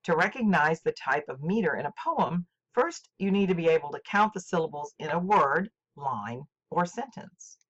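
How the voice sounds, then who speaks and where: An older woman teaching a scripted literature lesson, speaking slowly and deliberately with clear enunciation. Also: deep voice, lively intonation. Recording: dull lo-fi recording.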